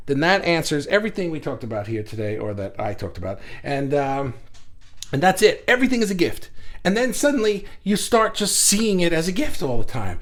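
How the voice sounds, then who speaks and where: A man with a slightly high voice hosts a casual livestream, talking loudly and with a lot of energy. He chats with viewers and reads their comments out loud, speaking into a desk mic set some distance from his mouth. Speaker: livestream host. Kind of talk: casual livestream chat about acceptance. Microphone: desk mic kept at a distance without pop shield.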